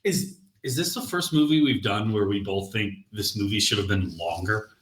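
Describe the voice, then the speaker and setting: A man's voice: fairly low pitch, normal speed, a bit bright, echoey room. A man co-hosting a movie podcast, easygoing and joking in casual chat. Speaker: podcast co-host.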